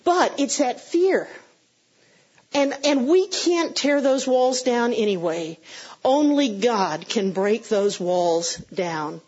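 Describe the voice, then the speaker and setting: Husky-voiced woman preaching a sermon. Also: fairly high pitch, lively intonation, slow pace, a little mellow, lo-fi sound. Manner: conversational, self-deprecating humor, responds to congregation. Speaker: pastor.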